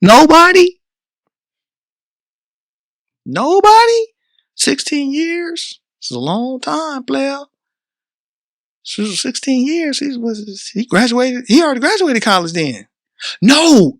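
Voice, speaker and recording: Emphatic high-voiced man, coach-like. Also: sharp tone, dry recording. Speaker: podcast host. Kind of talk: motivational monologue.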